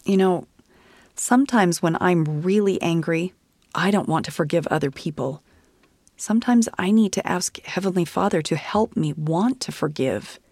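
A woman voicing a gentle mother in an audio storybook, speaking softly and soothingly. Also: lowish voice, moderate pace, dry recording, clean studio sound. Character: gentle mother of a young girl.

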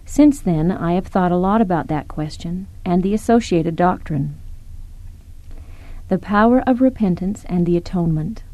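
A woman reading a devotional talk aloud in an earnest, measured way, recounting a church story. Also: on the low side, lively intonation, dark tone, dry recording, highs cut off.

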